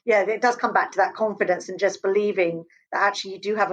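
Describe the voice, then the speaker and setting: Woman interview host, brisk and reflective, lo-fi recording. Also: mid-range voice, steady tone. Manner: affirming, reflective. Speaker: podcast host. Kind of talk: podcast interview.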